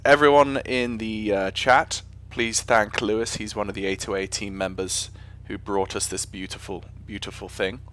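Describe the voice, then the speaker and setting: A man's voice: on the low side, fairly even intonation, moderate pace, few pauses, a bit bright. A man with an English accent chatting casually on a live stream while flying a simulator, rambling and often correcting himself. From England. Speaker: flight sim streamer.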